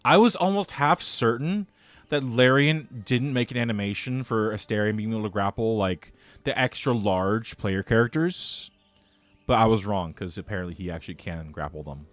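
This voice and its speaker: A man's voice: fairly low pitch, normal speed, no room sound, faint music behind. A young man streaming a video game, joking around theatrically and talking to his chat. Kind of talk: casual gameplay commentary.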